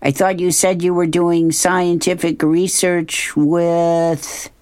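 A woman's voice: on the low side, little pitch movement, slow pace, a little mellow, clean tone, no echo, pitched above the performer's own voice. A woman reading a knight's lines in a comic strip, wary and a little exasperated. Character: cautious knight at a doorway.

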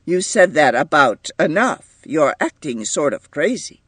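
A gruff neighbor blusters in a husky voice, as a man puts him on. The sound is close and dry, in a storybook reading. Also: on the high side, big pitch swings, unhurried, fairly bright tone, no room sound, full character voice. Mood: angry.

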